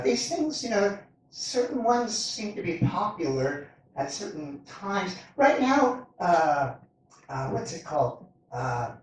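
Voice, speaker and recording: A man doing a stand-up comedy set on a club stage, with a halting, meandering delivery and lively pitch swings. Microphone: far camera in the audience. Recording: echoey club recorded from far off. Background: audience laughter.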